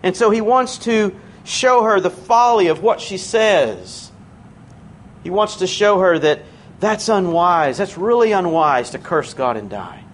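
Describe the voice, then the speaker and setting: A man preaching a sermon in a church, conversational and earnest, slowing down to stress key words. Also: high voice, big pitch swings, slight background noise.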